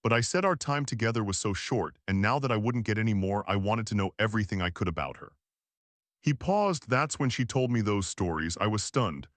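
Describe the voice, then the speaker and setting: A man narrating an audiobook in the first person, calm and measured. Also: lowish voice, dry recording.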